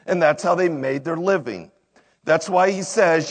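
A man's voice: a little high, unhurried. A man giving a sermon, reading verses aloud and then explaining them in plain words. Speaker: preacher. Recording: long hall reverb.

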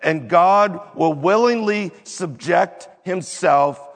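Slow, gravelly preacher in a big hall. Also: male voice, high voice. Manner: emphatic, slow and deliberate teaching. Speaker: pastor. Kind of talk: sermon.

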